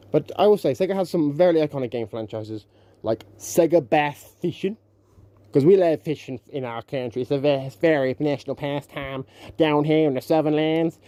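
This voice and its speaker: A man's voice: on the high side, mellow, no room sound. A young man giving casual gaming commentary on his channel, rambling, sarcastic and correcting himself as he goes. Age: young adult. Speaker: YouTuber.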